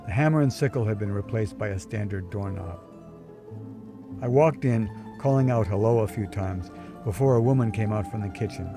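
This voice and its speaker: A man's voice: lowish voice, normal speed, music in the background. A man narrating a scripted first-person story in a dry, wry tone, recorded on a close mic. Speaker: storyteller, podcast host.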